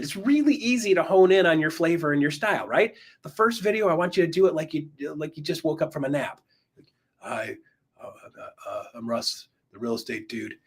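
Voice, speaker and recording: A man coaching real estate agents in an enthusiastic, emphatic motivational talk, swinging his pitch up and down.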